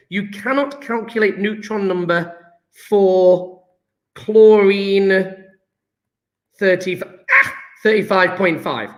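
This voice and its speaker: A young man teaching a chemistry class in a chatty, excitable way, full of self-mocking asides. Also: high-pitched. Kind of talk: live online class lesson.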